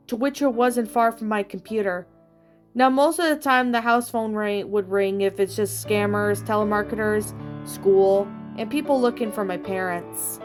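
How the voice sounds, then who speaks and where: A young woman in her twenties narrating a true personal story in the first person, in a plain, rambling way with long run-on sentences. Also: mid-range voice. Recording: faint background music.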